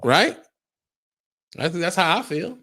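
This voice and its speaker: A man's voice: sits high, expressive, takes it slowly, pushed and bright. A young adult man, a truck driver, talking casually on a livestream, firing emphatic rhetorical questions at his viewers.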